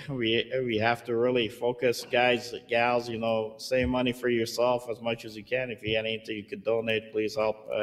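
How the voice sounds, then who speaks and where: A man hosting an interview, friendly and halting, with many fillers. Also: lowish voice. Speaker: podcast host.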